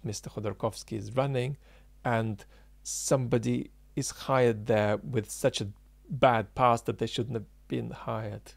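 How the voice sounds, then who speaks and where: A man's voice: mid-range voice, steady tone, measured pace, gravelly, no echo. A man giving unscripted political commentary, emphatic and argumentative, thinking aloud with frequent ums and restarts.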